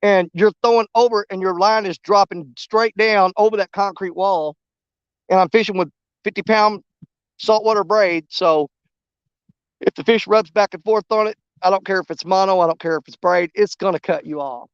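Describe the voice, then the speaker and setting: Man, high voice, rambling fishing-stream host, dry muffled audio. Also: normal speed, clear, resonant tone, no room sound. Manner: rambling, easygoing, greets viewers by name. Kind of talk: casual live-stream chat while fishing. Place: outdoors on a riverbank.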